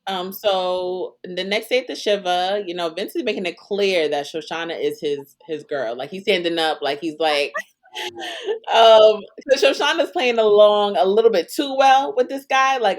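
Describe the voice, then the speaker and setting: A woman's voice: medium pitch, big pitch swings, moderate pace. A woman hosting a podcast, recapping a show in a sassy, laughing, casual way. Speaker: podcast host.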